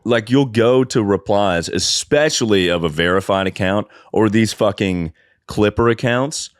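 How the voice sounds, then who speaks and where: A man's voice: on the low side, a little slow, no room sound, studio quality. A man co-hosting a comedy podcast, talking in a rambling, profane way and going off on tangents. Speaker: podcast co-host. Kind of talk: casual comedy podcast chat.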